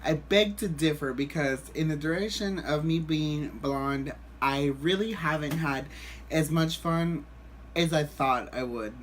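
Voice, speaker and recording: Rambling animated male vlogger. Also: a little high, a little slow, slight background noise. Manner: rambling, animated, repeats himself and restarts. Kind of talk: casual storytelling to camera.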